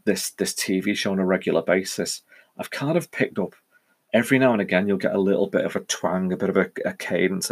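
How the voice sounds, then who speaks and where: A man with a very low voice and a Northwest English accent mixing Cheshire and Welsh-border tones. He talks through a casual solo podcast in a chatty, meandering way, often stopping to correct himself. He sounds middle-aged. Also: husky. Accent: Northwest English, Cheshire and Welsh-border mix. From England. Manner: rambling, chatty, frequent self-corrections. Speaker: podcast host.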